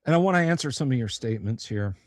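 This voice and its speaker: A man's voice: mid-range voice, animated, fast, no echo. Man, livestream host, blunt and sarcastic, swears freely, dry close sound. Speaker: host of a tabletop gaming channel. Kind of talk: casual livestream chat.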